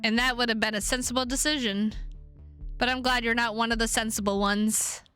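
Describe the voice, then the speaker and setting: Restless young male vampire read by a woman, earnest, light bright voice, game reading. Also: fairly high pitch, steady tone, a little fast, soft background music.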